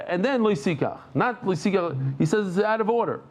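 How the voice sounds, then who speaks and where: A middle-aged man giving a daily Talmud lesson to a live group, talking in quick bursts, breaking off mid-thought and bantering with listeners. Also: high-pitched. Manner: lively, jumps between thoughts, self-interrupting. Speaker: Talmud teacher.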